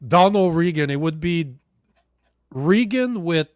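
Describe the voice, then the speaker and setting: A man's voice: a little high, expressive, slow, smooth, dry recording. A man co-hosting a casual political talk show, crude and mocking, poking fun at himself. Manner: crude, mocking, self-deprecating. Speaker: podcast co-host.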